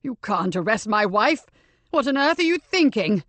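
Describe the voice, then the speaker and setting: A woman's voice: medium pitch, measured pace, creaky, dry recording. A woman voicing a confused older husband who raises his voice in indignant disbelief. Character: bewildered older husband, gentle but blustering.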